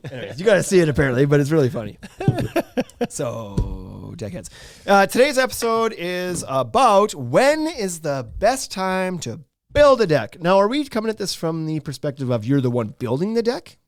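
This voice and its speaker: A man's voice: on the high side, big pitch swings, moderate pace, dry recording. A man co-hosting a podcast, telling rambling stories in casual chat and laughing often. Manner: rambling storyteller, laughs a lot. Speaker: podcast co-host.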